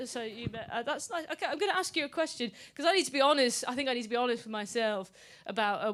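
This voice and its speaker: A woman doing stand-up crowd work at a comedy club, bantering with the audience and swearing freely. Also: mid-range voice.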